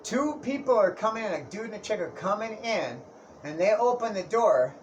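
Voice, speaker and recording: A young male vlogger indoors around Tijuana tells a comic story casually and profanely, full of slang and constantly saying "dude" and "bro." His voice sits high with lively intonation at a normal speed, with slight background noise.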